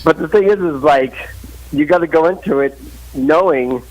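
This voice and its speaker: Calling in to a live talk show, a man offers earnest, opinionated relationship advice, restarting often. His fairly high voice comes at normal speed over a live call line with poor audio.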